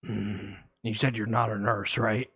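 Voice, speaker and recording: A man putting on a creepy secretive male caller, speaking low, hushed and insinuating, in a dry, close-sounding podcast retelling of a phone call. The voice sits down in a murmur. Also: flat delivery, a little slow, creaky, breathy edge, no room sound, exaggerated voice.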